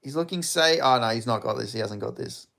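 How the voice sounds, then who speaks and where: Excitable man reacting to a live fight. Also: mid-range voice, brisk, gravelly. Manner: excitable, swearing, bursts into loud reactions. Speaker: streamer hosting a live fight watch-along. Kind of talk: live casual fight commentary.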